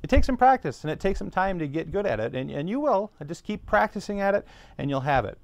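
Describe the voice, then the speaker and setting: A man's voice: sits high, very animated, quick pace, gravelly, faint music behind. Patient man teaching beginner trumpet. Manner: patient, step-by-step, demonstrates syllables aloud. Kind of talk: beginner music lesson.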